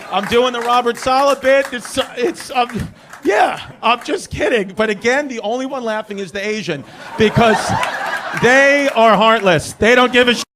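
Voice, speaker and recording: Brash higher-voiced male stand-up comedian. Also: normal speed, noisy background. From Brooklyn, New York. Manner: brash, rambling crowd work. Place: theater stage. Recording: live theater with a laughing crowd.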